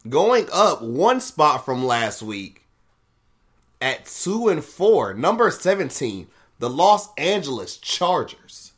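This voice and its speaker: A man hosting a casual podcast, reading a sports ranking list out loud and laughing and swearing at the results. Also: a little high, sing-song, slow, breathy edge. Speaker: podcast host.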